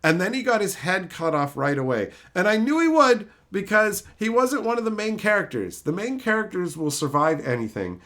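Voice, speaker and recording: A man's voice: high voice, big pitch swings, moderate pace, hardly any pauses, a bit bright. A man streaming and chatting casually, ranting about a show with frequent swearing and mocking put-on voices. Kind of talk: casual chat.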